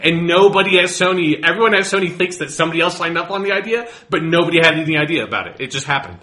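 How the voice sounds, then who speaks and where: A man's voice: a little high, animated, racing, bright, forceful tone. A man co-hosting a casual podcast, rambling and swearing as he talks about movies. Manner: rambling, profane, laughs while talking. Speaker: podcast co-host.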